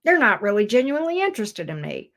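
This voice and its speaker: A woman's voice: fairly high pitch, very animated, quick pace, fairly bright tone. A middle-aged woman giving a casual tarot reading, teasing and talking straight to the viewer in a sassy way. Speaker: tarot reader.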